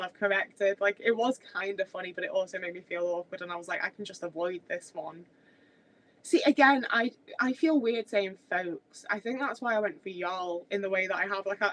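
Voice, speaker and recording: A woman's voice: mid-range voice, a bit bright, rough recording. A woman, chatting casually on a livestream in a rambling way with many filler words. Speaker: streamer.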